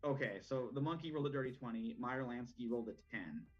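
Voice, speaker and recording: A man running a tabletop game, narrating in a loose, rambling way. His voice is husky and mid-pitched. The recording sounds muffled and lo-fi, with faint music behind. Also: fast talker. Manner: casual, rambling, lots of fillers. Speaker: game master.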